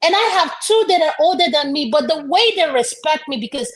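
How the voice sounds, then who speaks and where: A woman's voice: high-pitched, animated, brisk, a bit bright, poor audio. A woman from Africa on a discussion panel, speaking emphatically and making her opinions plain.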